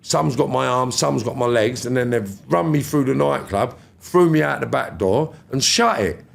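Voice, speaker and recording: This is a fiftyish man on a podcast, spinning casual stories at a moderate pace in a creaky mid-range voice. He gets animated, performs quoted lines in other voices, and swears freely.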